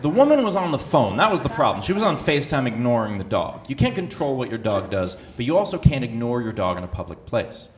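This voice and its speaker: A man performing stand-up comedy, telling a story in an animated way that sometimes breaks into shouted outbursts. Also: mid-range voice, quick pace, few pauses, slight background noise. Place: comedy club stage. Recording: roomy live club sound with audience.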